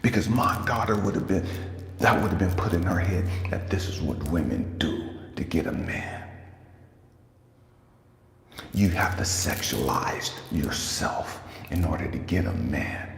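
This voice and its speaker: Profane, preachy young male coach, deep and gravelly voice, roomy reverb. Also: normal speed, a little hiss or hum. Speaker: life coach and speaker. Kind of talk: casual storytelling rant to camera. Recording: echoey room with long reverb, faint ambience.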